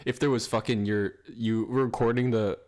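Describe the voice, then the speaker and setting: A man's voice: medium pitch, fairly even intonation, moderate pace, darkish tone. Laughing young man telling a crude story. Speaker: podcast co-host. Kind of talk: casual chat.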